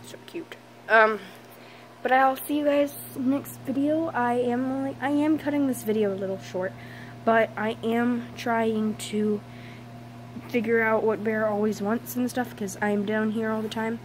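A tired young woman chatting casually in a home vlog, soft and hesitant with many pauses and ums. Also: on the high side, fairly even intonation, slight background noise, low-quality recording. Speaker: vlogger. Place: home, indoors.

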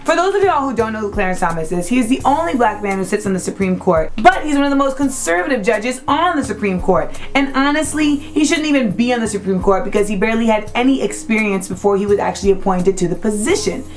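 A young adult woman hosting a web show, giving brash, profane, animated comedic commentary. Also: on the high side, fast, hardly any pauses, faint music behind.

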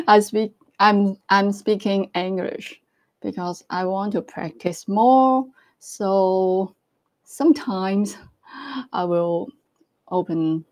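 Slow-talking woman hosting a livestream. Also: mid-range voice, darkish tone. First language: Cantonese. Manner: slow, halting, laughs often. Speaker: livestream host. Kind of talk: casual live-stream chat.

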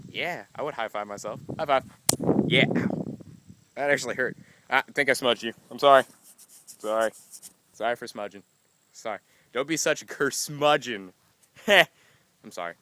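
A man's voice: mid-range voice, animated, normal speed, pauses often, pushed and bright, slight background noise. A young man rambling through a casual vlog, self-mocking and laughing as he talks, just woken up. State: just woke up. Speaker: vlogger.

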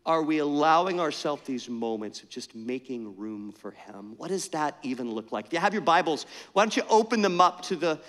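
A middle-aged man preaching a sermon, telling an animated, self-mocking story in a conversational way. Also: fairly high pitch, moderate pace, hardly any pauses. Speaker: pastor. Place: church sanctuary. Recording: church hall reverb.

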